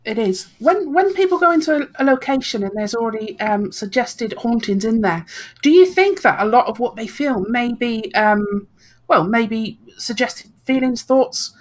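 A woman's voice: a little high, lively intonation, normal speed. A woman hosting a podcast interview, asking questions with some hesitation and fillers. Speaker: podcast host.

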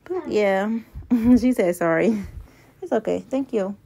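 A woman's voice: medium pitch, expressive, takes it slowly, gravelly, warm tone. Blunt, brash young woman vlogger. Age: 20s. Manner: blunt, brash, swears freely. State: out of breath. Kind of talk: casual talk to phone camera. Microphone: phone mic with earbud.

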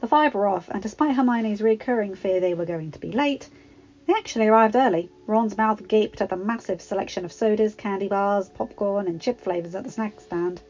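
A woman reading a fan-written story aloud in a steady, plain storytelling manner. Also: mid-range voice, fairly quick. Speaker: fanfiction reader. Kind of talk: audiobook narration. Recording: slightly dull home recording.

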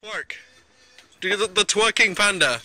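A woman's voice: medium pitch, a little slow, sharp tone, faint music behind. A woman filming at home, laughing, teasing her friend and cooing at her dogs in baby talk. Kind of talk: casual home video chat.

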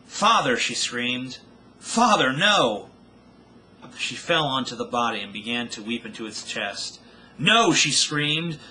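Bright-voiced man reading his novel. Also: fairly low pitch, a little hiss or hum, low-quality recording. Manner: dramatic storytelling narration.

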